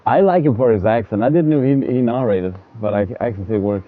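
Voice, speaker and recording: A man's voice: on the low side, fast talker, hardly any pauses, a little hiss or hum. A man streaming a game and chatting casually to his viewers, rambling, repeating words and laughing often. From from a country that uses military time. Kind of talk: casual livestream chat to viewers while gaming. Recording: dull, lo-fi stream audio.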